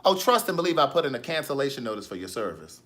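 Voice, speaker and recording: A man hosting a casual live stream, reading viewer comments with sassy, animated storytelling. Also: mid-range voice, quick pace.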